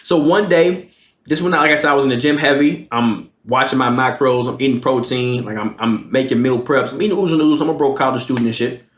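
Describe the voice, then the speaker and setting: A young man in his twenties telling a casual, profane storytime, jumping into animated quoted lines. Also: mid-range voice, a little fast. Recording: roomy echo.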